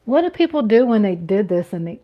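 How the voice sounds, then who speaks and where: A woman's voice: medium pitch, sing-song, fairly quick, highs cut off. A woman in her fifties hosting a casual livestream, reading chat comments aloud with playful giggles and little sung riffs. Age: 50s. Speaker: livestream host.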